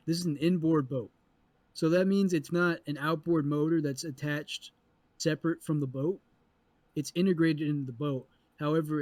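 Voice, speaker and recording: A man co-hosting a podcast, telling a story in an animated, profane way and acting out the people in it. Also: on the high side, no room sound. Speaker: podcast co-host. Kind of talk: casual storytelling chat.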